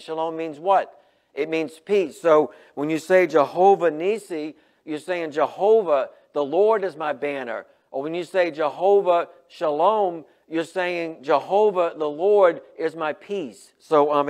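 A man preaching a sermon as pastor, earnest and emphatic, slowing down to stress each line of scripture. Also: a little high. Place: church, livestreamed sermon.

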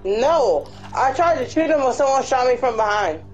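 A man's voice: very high voice, very animated, moderate pace, lo-fi sound, soft background music. A young man gaming with friends over a headset, defensively explaining his mistakes. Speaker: gamer in a squad. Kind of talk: casual gaming chat.

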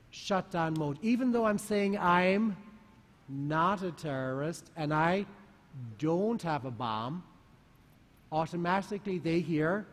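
High-voiced man speaking in a hall. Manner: lively, rhetorical questions to the audience. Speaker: conference speaker. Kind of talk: talk to a live audience. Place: large conference hall. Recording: long hall reverb.

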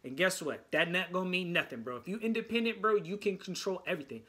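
A man from the United States with a high voice talks through a music reaction video in a loose, excited way. He rambles and trips over his words as he gives his opinions. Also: quick pace. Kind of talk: casual reaction commentary.

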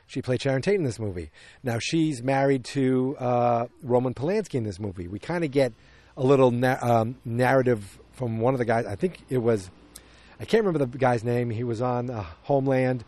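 Talking through a film in a relaxed review chat, the podcast host wanders and revises himself, never shy with his opinions. His voice is mid-range, moderately paced and darkish in tone.

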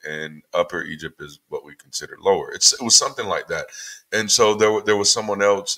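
Animated former pastor, bright forceful voice. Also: male voice, sits low. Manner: frequent repeated-word restarts, animated and irreverent. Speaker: former pastor leading a Bible study. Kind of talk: casual spoken commentary on scripture readings.

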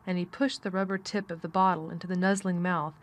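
Woman narrating a classic novel. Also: on the low side. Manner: steady, measured storytelling. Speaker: audiobook narrator. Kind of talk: scripted narration.

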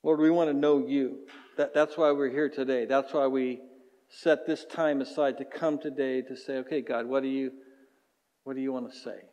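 Speaking in an echoing church hall, a pastor gives a conversational sermon, imitating everyday voices, and finishes by leading a closing prayer. His mid-range voice is steady and a little mellow, at a moderate pace.

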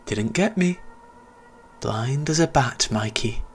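A man voicing a sinister, ageless ghost boy in a horror story, speaking in a soft, eerie, sing-song whisper. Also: medium pitch, animated, slow pace, a little hiss or hum, voice pushed up. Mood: whispering taunts.

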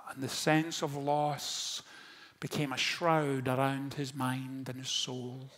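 A man, a pastor, preaching a sermon in a storytelling manner that moves from hushed lines to impassioned ones. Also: medium pitch, little pitch movement, slow.

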